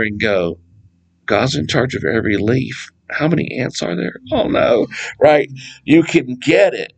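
A man's voice: medium pitch, rough recording. Casual storytelling male preacher. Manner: conversational, storytelling, acts out dialogue. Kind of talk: casual sermon with Bible teaching.

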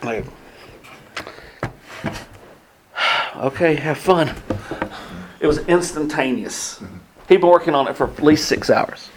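Man, bible class teacher, slightly high voice, excited storytelling, lots of false starts. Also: slow, long pauses, noisy background. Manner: earnest storytelling, excited, many restarts. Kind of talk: casual teaching talk with personal stories.

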